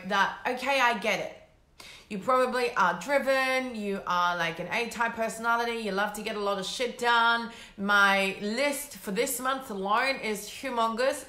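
A woman speaks as a mindset coach in a casual, blunt motivational monologue, dropping the odd swear word with plenty of energy. Her voice is sharp and bright. The recording carries a roomy echo. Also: on the high side.

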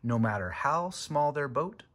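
Expressive male storybook narrator. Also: mid-range voice, measured pace. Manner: expressive, dramatic.

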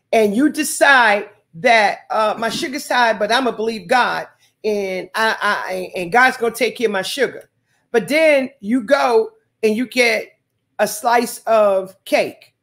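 A woman preacher giving a sermon, repeating phrases and calling out hallelujahs to the congregation. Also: high-pitched.

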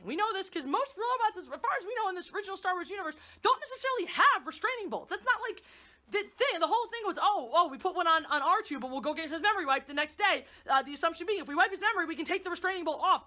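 Sarcastic woman tearing apart a movie, high voice, swears a lot. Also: sharp tone. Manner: profane, sarcastic, exasperated. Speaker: movie reviewer. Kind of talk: ranting film review.

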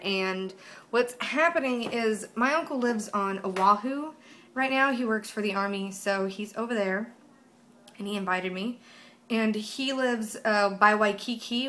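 A woman's voice: mid-range voice, fairly bright tone. A young woman vlogging casually at home by a white wall, chatty and rambling with giggles and free swearing, recorded on a camera mic. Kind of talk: casual vlog chat.

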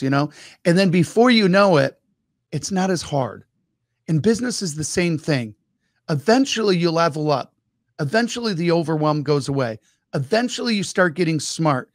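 A man co-hosting a casual business talk, telling lively stories and acting out his own quoted thoughts. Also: a little high, normal speed, pauses often, dry recording, studio quality. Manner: animated storyteller, acts out quoted thoughts. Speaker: podcast co-host.

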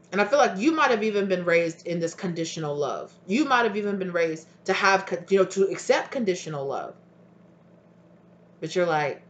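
A tarot reader giving a casual intuitive reading, chatty and acting out both partners' voices in quick back-and-forth. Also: medium pitch, expressive, a little hiss or hum.

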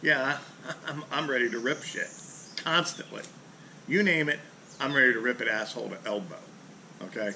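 A man's voice: mid-range voice, normal speed, pushed and bright. Blunt, profane man ranting outdoors. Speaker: fishing charter captain and channel host. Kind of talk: casual ranting vlog. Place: outdoors in a driveway under a carport. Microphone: camera mounted on the back of a boat. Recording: outdoor camera audio with clear ambient noise.

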